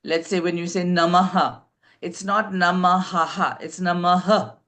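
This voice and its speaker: A woman co-hosting a spiritual podcast conversation, talking in a deliberate way and pausing often with fillers. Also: lowish voice, steady tone, fairly bright tone. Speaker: podcast co-host.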